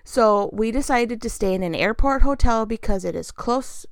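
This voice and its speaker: A woman casually telling a personal travel story, chatty and animated, acting out bits of dialogue. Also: a little high, moderate pace, dry recording, clean studio sound.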